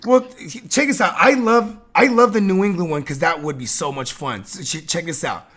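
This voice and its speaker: High-voiced, animated male podcast host. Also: normal speed. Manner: animated, swearing, laughing often, lots of fillers. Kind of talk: casual sports chat.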